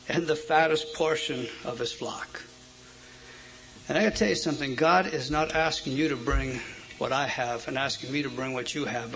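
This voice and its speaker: A man preaching a sermon, emphatic, asking his listeners questions and swinging between loud stresses and quiet asides. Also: mid-range voice, rough recording. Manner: emphatic, asks the audience questions.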